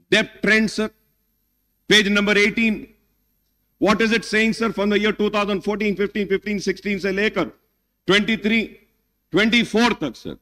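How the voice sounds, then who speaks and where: A man's voice: high voice, pushed and bright. A middle-aged man with an Indian English accent giving an emphatic speech in a legislative assembly debate. He keeps addressing the chair as "sir" and moves between English and Hindi. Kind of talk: parliamentary speech. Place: large legislative chamber. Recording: long hall reverb.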